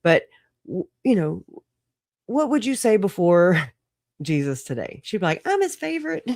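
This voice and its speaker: A woman's voice: on the low side, very animated, a little slow, darkish tone, no echo, clean studio sound. A woman hosting a casual solo livestream, rambling through stories, swearing and laughing often. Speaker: livestream host.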